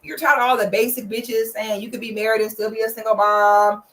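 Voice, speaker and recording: A young woman with a somewhat high voice talks straight into the camera like a blunt big sister, sassy and profane. Her casual commentary swings between dry lectures and loud, playful shouting. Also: steady tone, a little fast, rough recording. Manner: bursts into loud playful shouting when pitching her membership. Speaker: vlogger commenting on celebrity relationships.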